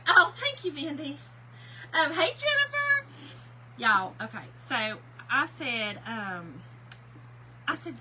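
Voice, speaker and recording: A woman's voice: sits high, big pitch swings, normal speed, sharp tone, a little hiss or hum, poor audio. A middle-aged woman, telling a story to her viewers while she paints, laughing often and calling them "y'all". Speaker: craft livestream host.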